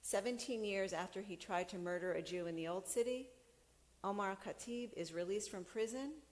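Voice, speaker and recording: A middle-aged woman from the United States giving a storytelling talk, animated and acting out the people she quotes. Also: mid-range voice, moderate pace, big-room sound. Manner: animated storyteller who acts out quoted voices. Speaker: speaker.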